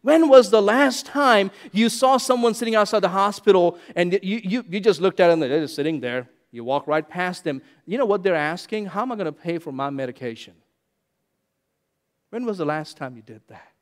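A male pastor preaching a sermon, animated, repeating lines for emphasis and swinging from loud to hushed. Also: sits high, normal speed, few pauses.

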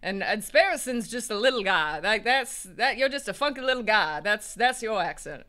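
His voice is high, sharp and expressive, moving at a normal speed as this Southern US man co-hosts a let's play. He rambles, cracks jokes at his own expense and laughs a lot while commenting casually on the game he's playing.

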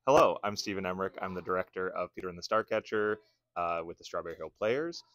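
A man with a deep voice speaks as a play director, earnestly urging people to come to the show. He pauses now and then with filler sounds. The recording is dry and close. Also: a bit bright, dry recording. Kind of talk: promotional pitch.

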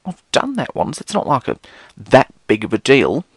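A man putting on a high, squeaky voice for a nonchalant male friend. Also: wildly swooping pitch, moderate pace, breathy edge, no room sound. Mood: dismissive.

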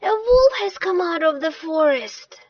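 A woman voicing a bored, lonely young shepherd boy who turns shrill and cheeky when he cries for help. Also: sing-song, very slow, dry recording, full character voice. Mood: alarmed. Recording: dull lo-fi dry recording.

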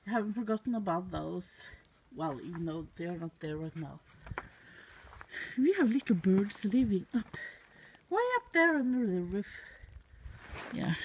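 A woman's voice: medium pitch, lively intonation, unhurried, long pauses, slight background noise, poor audio. A Norwegian woman with a Norwegian accent chatting casually into her phone outdoors in the snow, giggling and using baby talk with her puppy. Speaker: vlogger. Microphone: phone held in hand.

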